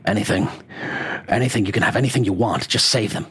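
A man's voice: on the low side, fast, a bit bright, slightly rough. A man voicing a frantic nobleman in a tabletop game, speaking in an urgent, bellowing way. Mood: desperate.

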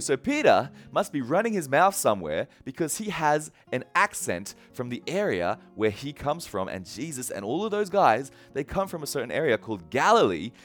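A man preaching a casual sermon, retelling a story and acting out the characters' lines in a conversational way. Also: a little high. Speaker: pastor.

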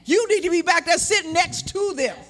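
A man preaching a sermon, shouting and stretching out words for emphasis and acting out the people in his story. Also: very high voice. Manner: shouting, drawn-out emphatic preaching with acted-out voices.

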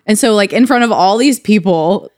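Animated woman telling a story. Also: mid-range voice, normal speed, a loud crowd. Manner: animated storyteller, quotes people in their voices. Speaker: podcast co-host. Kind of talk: casual chat.

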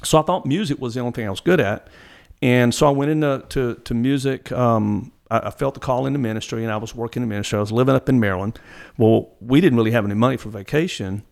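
A man's voice: mid-range voice, fast talker, vocal fry, darkish tone. A middle-aged man from Mississippi, telling stories as a guest, rambling with frequent restarts. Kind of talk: casual storytelling.

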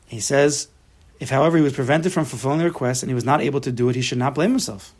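A man's voice: medium pitch, quick pace, darkish tone. A man teaching a religious text class to students, emphatic, often acting out imagined inner voices. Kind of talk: Torah class lecture, explaining a text to students.

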